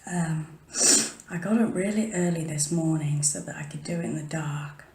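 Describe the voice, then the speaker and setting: A woman's voice: low voice, moderate pace, mellow. A woman rambling chattily to her camera at home, often dropping to a whisper and interrupting herself. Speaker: paranormal vlogger. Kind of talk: casual chat, rambling and chatty. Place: home room, early morning. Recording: echoey room.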